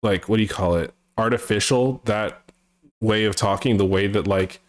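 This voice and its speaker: A man's voice: on the low side, normal speed. A man hosting a livestream, chatting casually, asking wry, skeptical questions and reading viewer comments aloud. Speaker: streamer host. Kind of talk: casual chat.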